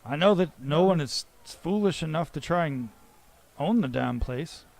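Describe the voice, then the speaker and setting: A man voicing a gruff, teasing human father who is working on street lanterns. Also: a little high, lively intonation, unhurried. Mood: incredulous. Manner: teasing, blustery.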